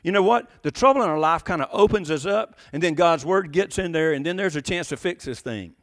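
A man's voice: on the high side, animated, fairly quick, big-room sound. A man preaching a sermon in a folksy, conversational way, often asking his listeners questions. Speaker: pastor.

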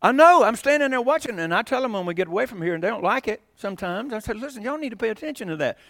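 A man's voice: sits high, expressive, rapid-fire, creaky, a bit bright, dry recording, clean studio sound. Folksy man teaching Bible class. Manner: folksy, rambling, asks the class questions.

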